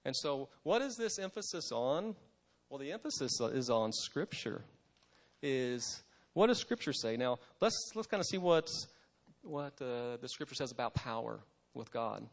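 A man preaches in a relaxed, talky way, stopping often on "uh" and restarting his sentences. His voice sits at an ordinary middle pitch, and he sounds like he is chatting more than orating. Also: unhurried. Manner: conversational, with frequent "uh" fillers and restarts. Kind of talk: casual devotional sermon.

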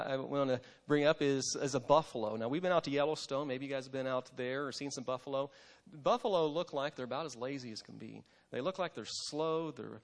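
A man giving a conversational devotional sermon, with frequent fillers and restarts. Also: mid-range voice.

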